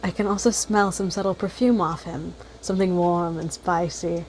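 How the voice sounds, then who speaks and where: A woman narrates a text game in the first person, breaking into giggly, animated asides as she plays. Her voice sits on the low side, with faint background music underneath. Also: normal speed, few pauses. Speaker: game streamer. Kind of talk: reading a text game aloud with commentary.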